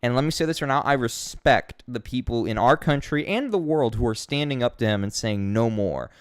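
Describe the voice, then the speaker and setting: A young man with an American accent talks on a live stream in a mid-pitched voice. He rants heatedly and swears constantly, jumping from loud outbursts to low grumbles. The recording is dry and close. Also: animated, brisk, hardly any pauses, no room sound. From United States. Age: young adult. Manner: heated ranting with frequent swearing, swinging between loud outbursts and low mutters. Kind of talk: casual live-stream chat.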